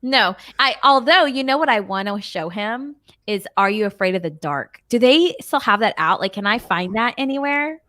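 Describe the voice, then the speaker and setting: A woman's voice: on the high side, expressive, normal speed, hardly any pauses, bright, forceful tone. A woman in her thirties co-hosting a podcast, chatting casually, teasing and laughing often. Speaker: podcast co-host. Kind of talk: casual chat.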